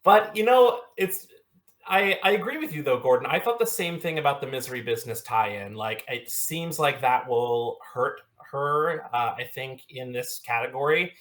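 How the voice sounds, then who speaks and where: A man's voice: medium pitch, moderate pace, fairly bright tone. A man in a casual chat about music picks, dry and teasing. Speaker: co-host.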